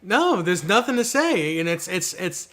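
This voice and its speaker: A man's voice: sits high, big pitch swings, unhurried, a bit bright. A man from the northern US, a chatty co-host who jokes around in casual interview banter. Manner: jokey and chatty.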